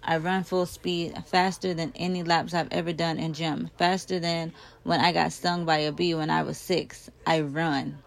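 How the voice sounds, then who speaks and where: Woman reading a novel aloud, gravelly voice. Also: low voice, level tone, moderate pace. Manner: emotive, raises volume for shouted lines. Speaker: audiobook reader. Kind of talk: expressive first-person novel reading.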